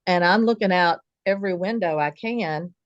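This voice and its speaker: Woman, low-ish voice, storyteller voicing family members, dry lo-fi mic. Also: moderate pace, dry recording. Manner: vivid, folksy retelling with quoted dialogue. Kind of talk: personal story told casually.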